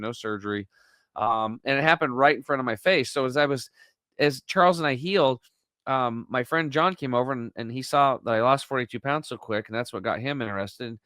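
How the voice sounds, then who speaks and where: A man's voice: mid-range voice, sharp tone, clear, resonant tone, no room sound. A man talking as a podcast guest, telling his story and acting out quoted dialogue with animation. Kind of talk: conversational storytelling.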